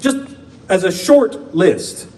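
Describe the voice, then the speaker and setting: A man, a pastor, preaching a conversational sermon with playful asides and slow emphatic pauses in a church. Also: sits high, big pitch swings, darkish tone. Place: church sanctuary. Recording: distant mic with faint background noise.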